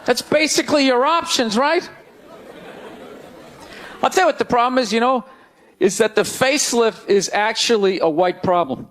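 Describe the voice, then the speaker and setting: A male stand-up comedian on a club stage, ranting loudly and incredulously into a handheld mic. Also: extremely high pitch, expressive, moderate pace, a faint crowd.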